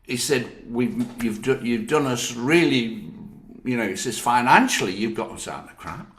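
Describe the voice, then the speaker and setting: A man's voice: mid-range voice, moderate pace, a little hiss or hum. An older man with a Northern English accent, an actor telling anecdotes in an interview, laughing often and acting out what others said. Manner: lively, laughs often, quotes others in their voices. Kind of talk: anecdotal storytelling. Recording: roomy echo.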